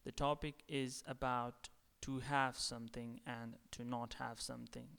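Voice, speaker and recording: A man giving a slow video lecture as a language teacher, repeating each word several times. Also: mid-range voice, little pitch movement, gravelly, fairly bright tone, smooth. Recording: long reverb.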